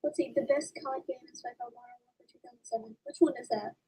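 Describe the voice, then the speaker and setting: Young woman co-host, high and bouncy, gravelly edge, mic far off with faint hiss. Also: huge pitch swings, quick pace, warm tone. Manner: teasing, playful. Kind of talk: casual chat. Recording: distant voice with faint noise.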